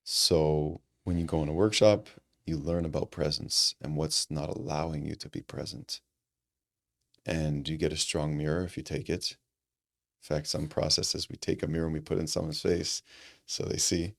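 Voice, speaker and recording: Deep-voiced man telling a heartfelt story. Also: moderate pace, creaky. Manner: animated, acts out quoted dialogue, frequent restarts; earnest and reflective. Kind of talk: conversational storytelling.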